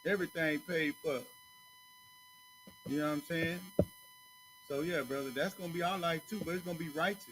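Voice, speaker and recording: A man's voice: fairly high pitch, wildly swooping pitch, moderate pace, pauses often, noisy background. A man teaching scripture in a loose, conversational way, often checking that his listeners follow him and calling them brother. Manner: conversational, keeps asking "you know what I'm saying", calls listeners brother. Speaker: teacher at a religious school. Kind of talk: casual preaching to a small group.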